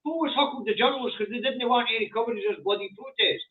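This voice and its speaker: A Scottish man co-hosting a casual political chat show, talking in an indignant, animated way. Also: quick pace. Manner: animated, indignant, pitch jumping up on emphasis. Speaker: co-host. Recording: distant, phone-like audio.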